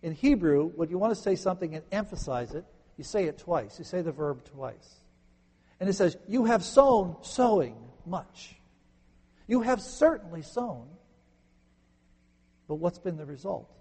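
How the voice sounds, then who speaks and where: Guy pastor giving a sermon, mellow gravelly voice, big echoey church hall. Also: lively intonation, moderate pace. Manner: preacherly, rising to emphatic peaks then dropping low. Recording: long reverb in a large hall.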